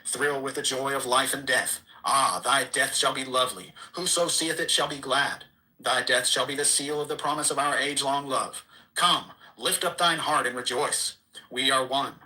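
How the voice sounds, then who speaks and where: A man's voice: mid-range voice, fairly even intonation, normal speed, sharp tone, rough recording. A man giving a solemn, declamatory reading of an archaic scriptural text. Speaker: reader.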